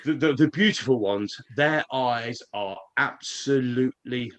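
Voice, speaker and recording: A man spins a long, winding tale in a casual mid-pitched voice. He swears freely, stumbles over his words and restarts his sentences. It sounds like an online live stream call. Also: a little slow, fairly bright tone. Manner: rambling, swears, many restarts. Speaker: guest. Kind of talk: casual storytelling.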